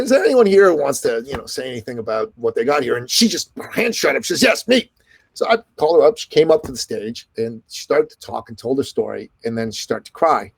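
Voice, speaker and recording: A middle-aged man tells a success story at a quick, lively clip. His voice sits at an ordinary male pitch, and the sound is close and dry with no room around it. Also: gravelly, slightly rough, no echo. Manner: animated, fast storytelling with quoted dialogue. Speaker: podcast host and business coach, guest. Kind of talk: storytelling in an interview.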